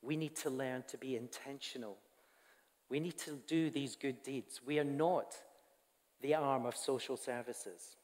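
A male pastor with a medium-pitched, darkish voice preaches without hurry. His sermon is heartfelt and conversational, with asides directed at the people before him, and it echoes through a church hall with long reverb.

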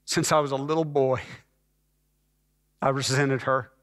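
A middle-aged pastor from Texas preaching a sermon as a personal testimony, emotional and rising to fervent peaks. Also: male voice, medium pitch, little pitch movement, measured pace, a bit bright. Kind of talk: sermon storytelling. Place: church sanctuary. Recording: church hall reverb.

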